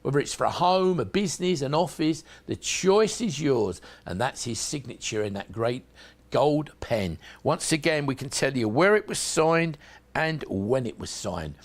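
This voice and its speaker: A man with a South London accent, presenting home shopping in a chatty sales pitch that speaks straight to viewers. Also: very animated, measured pace.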